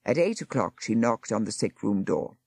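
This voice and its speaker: A woman narrating a story aloud in an expressive storytelling manner. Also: rumbling low, moderate pace, slightly rough, no echo, studio quality. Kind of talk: audiobook narration.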